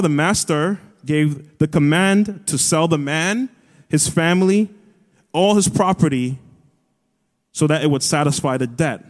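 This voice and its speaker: A pastor preaching a sermon in an earnest way, rising to emphatic high peaks as he retells a scripture story. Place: church auditorium. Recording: long hall reverb.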